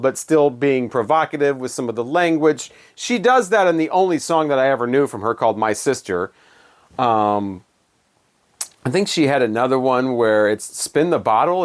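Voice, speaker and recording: A man giving a casual spoken album review in a sarcastic, dismissive, rambling way. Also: medium pitch.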